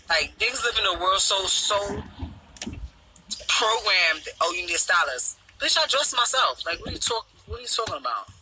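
A middle-aged woman with a deep voice, ranting bluntly and profanely on a talk show panel, firing off mocking repeated questions. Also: noisy background. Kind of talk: casual chat, ranting.

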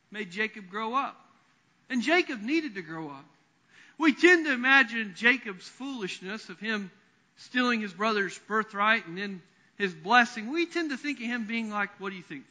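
A man preaching a sermon in a church, telling a Bible story in an animated way and briefly acting out its figures. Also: sits high. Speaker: pastor. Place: church sanctuary. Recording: long reverb of a church hall.

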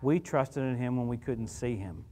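A middle-aged man preaching as a guest minister, telling stories in an animated, conversational way. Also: medium pitch, normal speed. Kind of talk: sermon. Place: church sanctuary. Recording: church hall reverb.

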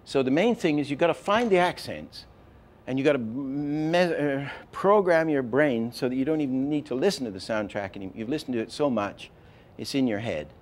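An older man teaching animation, telling stories in a lively way and acting out example lines, with many restarts. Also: medium pitch, brisk. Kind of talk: lecture with acted-out examples.

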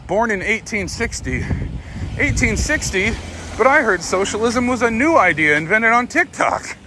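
A man with a notably high voice rambles through a casual podcast monologue, cracking jokes and poking fun at himself as he goes. He talks into a phone while walking outdoors. Faint street noise drifts in behind him. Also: big pitch swings, normal speed. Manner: rambling, joking, self-mocking asides. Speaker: podcast host. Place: outdoors on a walk.

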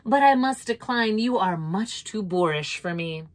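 A woman's voice: mid-range voice, expressive, measured pace, natural voice. A woman voicing a dainty, witty young female cockroach in a storybook reading, speaking coolly and dryly.

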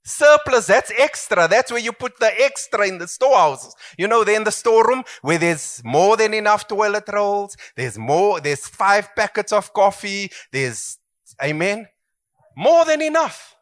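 A man's voice: sits high, lively intonation, normal speed, a bit bright. A middle-aged man preaching a sermon as pastor, emphatic and swooping, calling for amens.

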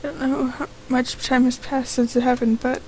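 Woman, let's play commentary, high voice, reads lines aloud, faint background hiss. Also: flat delivery, moderate pace, darkish tone, rough recording. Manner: reads each character's lines in her own voice, reacts with exclamations. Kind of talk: reading game dialogue aloud with commentary.

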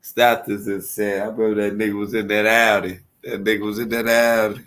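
A man's voice: fairly low pitch, flat delivery, fast talker, a bit bright. A man hosting a stream and mockingly roasting someone, with scornful insults and laughter at his own jokes.

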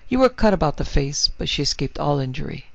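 A man voicing a calm, courtly French doctor with a French accent, soft and measured. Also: on the high side, creaky, no room sound. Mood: soothing. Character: dapper older French doctor, calm and precise. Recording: dry, slightly muffled recording.

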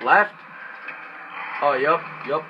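A man commenting on his own gameplay, panicking and cursing loudly at the game, then muttering to himself while sneaking. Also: a little high, extremely slow, lo-fi sound, noisy background. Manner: yells and swears in panic at the game. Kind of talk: let's play commentary.

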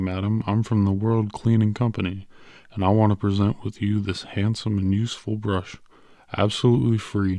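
A man reading an audiobook, voicing a patient, cheerful little male stranger with quick, coaxing salesman patter. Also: lowish voice, vocal fry, dark tone, no echo.

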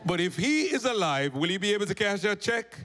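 A man's voice: big pitch swings, fairly quick. Preaching man in an echoing church. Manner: storytelling preacher, calls for amens, swings from loud to low. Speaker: pastor. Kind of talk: sermon. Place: church sanctuary. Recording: church hall reverb.

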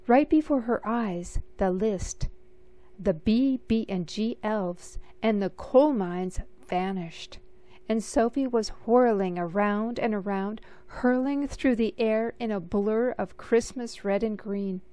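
A woman reads a picture book aloud. Her delivery is slow and expressive, in a mid-pitched voice. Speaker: storybook reader.

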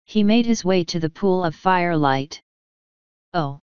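A woman reading an audiobook aloud in a measured, even way. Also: fairly low pitch, clean tone, no echo, dull audio. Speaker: audiobook reader. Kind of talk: audiobook narration.

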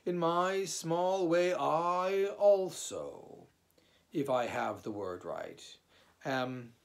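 A man reading aloud, voicing a gloomy, solemn male donkey who speaks slowly and scornfully. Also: a little high, animated, creaky, pitched above the performer's own voice, full character voice. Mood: pompous.

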